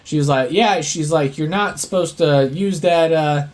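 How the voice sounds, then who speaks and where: A man's voice: a little high, normal speed, darkish tone. A man hosting a casual movie podcast, retelling scenes in a rambling way full of fillers and laughs. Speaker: podcast host.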